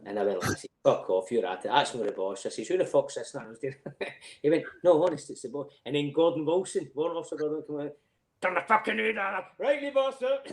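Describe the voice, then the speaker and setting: A middle-aged man with a broad Scottish accent, yarning in casual chat, swearing often and laughing through his own tales. His voice sits at an ordinary middle pitch. The room around him is roomy and echoey. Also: a little mellow. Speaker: podcast guest.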